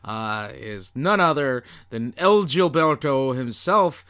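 A man co-hosting a casual podcast, talking slowly with wry, deadpan humor. His voice is bright and fairly high, and his pitch rises and falls a lot as he talks. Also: clean tone. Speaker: podcast co-host.

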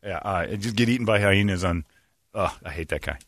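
A man's voice: low-pitched, brisk, fairly bright tone, dry recording, clean studio sound. A man hosting casual comedic banter, ranting and teasing in a crude way.

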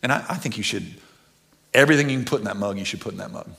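A middle-aged man, preaching a conversational sermon that swings from quiet and earnest to loud, animated bursts. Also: lowish voice, rapid-fire, gravelly. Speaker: pastor.

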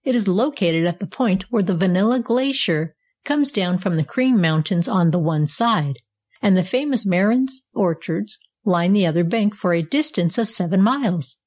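Woman doing a steady fireplace poker, matter-of-fact, composed, storybook figure. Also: medium pitch, normal speed, close to an everyday voice. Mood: explaining. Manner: calm, matter-of-fact explaining. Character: calm knowing poker, male, steady and composed.

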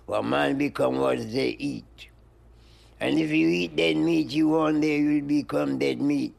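An older man, an interview guest, rambling in slow looping phrases and breaking into high-pitched animal noises. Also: vocal fry, a little mellow. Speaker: interview guest, music producer. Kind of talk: rambling stream-of-consciousness chat.

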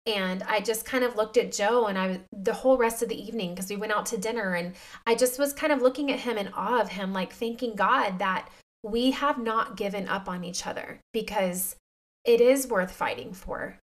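A woman's voice: medium pitch, normal speed. A woman in her thirties hosting a faith-based podcast, talking to her listeners in a confiding, emotional way. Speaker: podcast host. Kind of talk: heartfelt faith-based talk.

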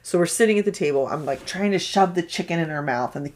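A woman's voice: on the low side, fast talker, a little mellow. A young woman co-hosting a podcast, chatting candidly about her child and laughing often. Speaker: podcast co-host. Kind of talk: casual chat about parenting.

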